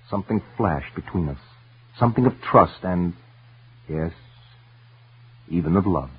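A man giving earnest, intense first-person dramatic narration for a radio story, sometimes dropping to hushed tones. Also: lowish voice, slightly rough. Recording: tinny old radio broadcast with faint music.

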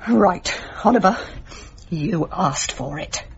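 An actress playing a sharp-tongued, scornful news editor in a radio sitcom. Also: female voice, fairly low pitch, heavily acted. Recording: dull lo-fi radio recording.

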